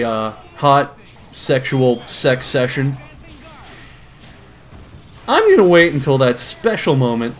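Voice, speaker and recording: Laughing sarcastic young man. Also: medium pitch. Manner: sarcastic, laughs often, lively. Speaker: host. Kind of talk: comedic reading commentary.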